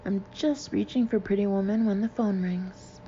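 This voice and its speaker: A woman's voice: fairly even intonation, moderate pace, dark tone, muffled recording, a little hiss or hum. A woman reading a first-person novel aloud, lifting her voice for the dialogue. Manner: voices dialogue with lifts in pitch and volume. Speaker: audiobook reader.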